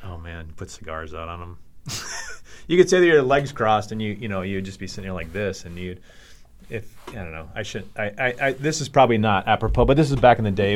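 A middle-aged man from Minnesota telling a story in a profane, laughing way, acting out the other voices. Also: low voice. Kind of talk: animated storytelling.

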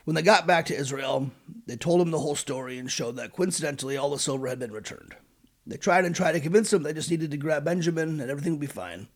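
A man's voice: a little high, fast. A man hosting a podcast, narrating in an irreverent, sarcastic, profane comedic style. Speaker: podcast host.

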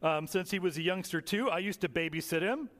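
A man's voice: sits high, brisk, a bit bright. A man voicing a blunt older woman. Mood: scolding. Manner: frank, scolding. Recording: reverberant hall.

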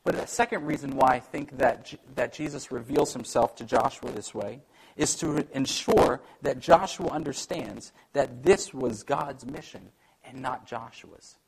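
A man preaching a sermon in an animated way, acting out the voices he quotes and joking about himself. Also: medium pitch, unhurried, gravelly, husky, poor audio. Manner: animated, acts out quoted voices, self-deprecating humor. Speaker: pastor.

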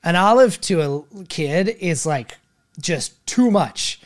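A man's voice: a little high, animated, slow pace. A man in his thirties co-hosting a podcast, talking candidly and jokingly about his kids, swearing now and then. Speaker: podcast co-host. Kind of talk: casual chat.

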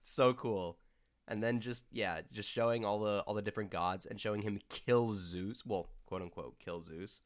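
Low-voiced man chatting excitedly about a film. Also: moderate pace, few pauses. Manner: enthusiastic, rambling with frequent restarts and laughs. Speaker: co-host reviewing a film. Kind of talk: casual chat.

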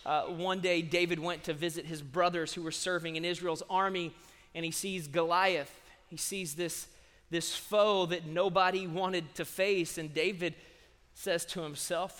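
A preacher tells a Bible story in a loose, conversational way, often swelling to loud emphasis. His voice is fairly high for a man, and a long reverb trails after it. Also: fairly even intonation, measured pace. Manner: storytelling, conversational, surges in loudness. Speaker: pastor. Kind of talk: sermon.

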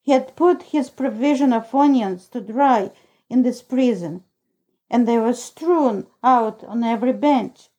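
A woman narrating a novel in the first person, reading in a steady, even storytelling way. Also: fairly high pitch, a little slow, low-quality recording. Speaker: audiobook narrator.

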